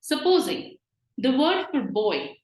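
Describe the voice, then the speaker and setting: Slow, patient woman teaching in an echoey room. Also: high voice, big pitch swings, a little mellow. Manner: patient, repeats and spells out sounds. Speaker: French teacher. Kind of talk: slow explanatory lesson.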